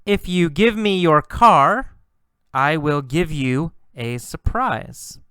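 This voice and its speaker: A cool, aloof young woman answers dismissively, as a male teacher puts her on, with her pitch lifted. The sound is crisp and dry, close to the mic. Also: slow, fairly bright tone, no room sound.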